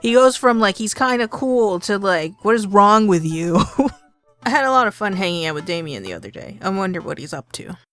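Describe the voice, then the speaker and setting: Woman host, chatty game commentary, mid pitch, soft music behind. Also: expressive, a little fast. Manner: chatty, laughing, swearing, playful. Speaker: let's play host. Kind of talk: casual game commentary and narration.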